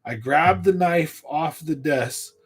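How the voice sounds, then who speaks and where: A man hosting a fishing livestream, casually telling a rambling story from his youth in an animated way and laughing at it. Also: a little high, takes it slowly, husky. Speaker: fishing channel livestream host.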